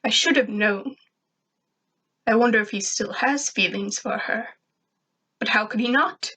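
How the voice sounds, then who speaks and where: A woman reading a first-person fan fiction story aloud, steady and even. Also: fairly high pitch, unhurried, husky.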